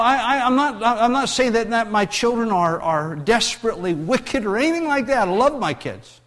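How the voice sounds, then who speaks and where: The voice of this middle-aged male pastor sits on the high side, and the recording has a big-room sound. His sermon features repeated words and restarted phrases, drifting from tender, hushed lines to loud, emphatic scripture reading.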